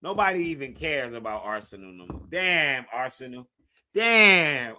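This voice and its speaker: A man's voice: medium pitch, very animated, measured pace, sharp tone. A man live streaming in casual chat, profane and hyped, pushing his viewers.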